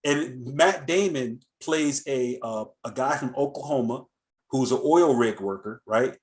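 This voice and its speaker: An American man hosts a casual talk, winding through a story with plenty of fillers and false starts. His voice sits at an ordinary middle pitch. He retells conversations in an animated, offhand way. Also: measured pace. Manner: rambling, lots of fillers and restarts, animated retelling. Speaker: host.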